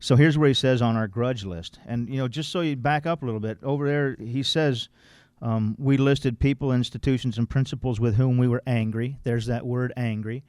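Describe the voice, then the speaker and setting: A man's voice: mid-range voice, moderate pace, darkish tone, clean tone, no echo, studio quality. Blunt, folksy man leading a workshop. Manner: blunt, folksy, mildly profane; quotes text then explains it plainly. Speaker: recovery workshop speaker. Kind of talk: informal workshop talk.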